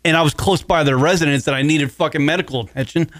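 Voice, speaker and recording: A man's voice: a little high, fast, dry recording. A man hosting a radio talk show, rambling and swearing as he retells a story in casual comedic chat. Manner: profane, rambling, animated retelling.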